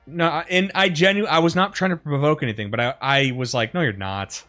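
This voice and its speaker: A man's voice: fairly high pitch, fast talker, soft background music. Rambling, profane male streamer. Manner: rambling, profane, animated retelling with frequent fillers. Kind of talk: casual storytelling over gameplay.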